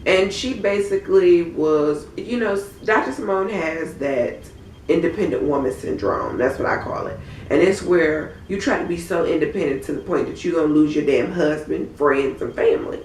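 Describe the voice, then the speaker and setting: Woman reviewer, hoarse with a cold, blunt and sassy, recorded a bit off-mic in an echoey room. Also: low voice, normal speed, a little mellow, slight background noise. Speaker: TV episode reviewer. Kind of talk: casual recap commentary. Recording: roomy, from a distant mic.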